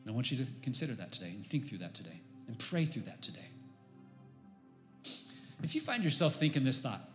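A man's voice: mid-range voice, lively intonation, brisk. A middle-aged man, a pastor, preaching a conversational sermon full of candid personal stories. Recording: roomy hall with faint music.

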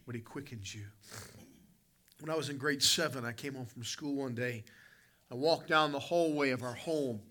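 A male pastor preaching a sermon, telling a vivid folksy personal story and calling on members of the congregation by name, swinging between loud emphatic lines and quiet asides. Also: medium pitch, normal speed.

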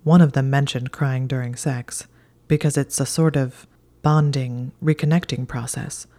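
A woman voicing a calm, protective young wizard in a low, soothing murmur, as whispered role-play. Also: unhurried.

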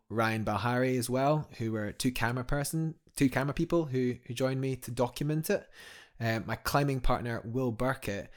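A man, a guest telling a climbing story in a casual podcast chat, enthusiastic and rambling with many restarts. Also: medium pitch.

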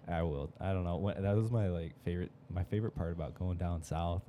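Young guy on a podcast, real low gravelly voice, rambly and full of "like", swears a bit. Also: fast talker, dark tone, a little hiss or hum. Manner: rambling, filler-heavy, swearing. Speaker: podcast co-host. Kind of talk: casual chat.

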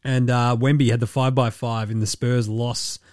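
A man's voice: mid-range voice, little pitch movement, moderate pace, a little mellow, no room sound. Sweary man on a dry mic. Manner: loose, sweary and joking. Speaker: podcast host. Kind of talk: casual sports commentary.

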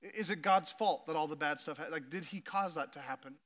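A male pastor preaching a sermon, telling stories with animation and slowing down to stress his points. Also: on the high side. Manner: storytelling, animated, builds to emphatic slow points. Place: church stage.

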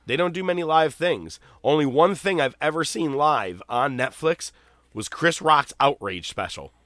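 A man's voice: a little high, animated, normal speed, fairly bright tone, no room sound. A man hosting a podcast in casual chat, telling long, rambling stories with plenty of swearing. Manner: profane, rambling storyteller. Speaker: podcast host.

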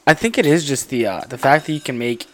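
A man's voice: medium pitch, quick pace, a crowd in the background. A man taking part as a guest in a casual studio podcast chat, telling a playful story. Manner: lively, animated teller, playful.

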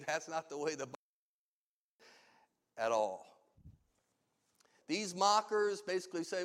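A man's voice: on the high side, very animated, unhurried, long pauses, a bit bright. A man preaching a sermon as pastor, emphatic and full of rhetorical questions. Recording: long hall reverb.

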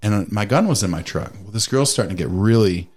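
A man telling a story in casual chat, animated and swearing, acting out other people's voices in quotes. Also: lowish voice, fairly quick.

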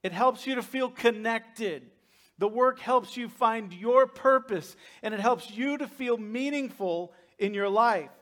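Humorous high-voiced male pastor. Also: unhurried, a bit bright. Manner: humorous, conversational, laughs with the congregation. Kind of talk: sermon.

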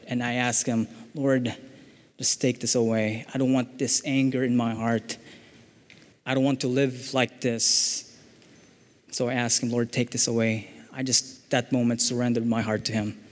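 A young man sharing a personal testimony in church, speaking earnestly and haltingly with fillers and restarts. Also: mid-range voice, big-room sound.

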